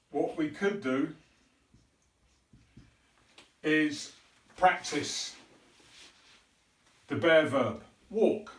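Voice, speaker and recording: A man teaching a pronunciation lesson, slowly and carefully demonstrating sounds. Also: a little high. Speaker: English teacher. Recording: echoey room, mic at a distance.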